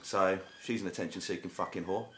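A man co-hosting a comedy podcast, telling crude jokes in a deadpan way. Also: low-pitched, brisk, echoey room, background noise. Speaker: podcast co-host. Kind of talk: casual comedy banter.

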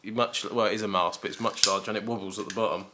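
A man's voice: fairly low pitch, fairly even intonation, rapid-fire, noisy background. A man co-hosting a casual podcast, jokey and bantering. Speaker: podcast co-host. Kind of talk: casual chat.

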